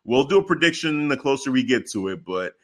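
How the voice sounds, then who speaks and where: A man co-hosting a podcast, telling stories in a loose, slangy, animated way. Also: medium pitch, a little fast. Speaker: podcast co-host. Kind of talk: casual chat.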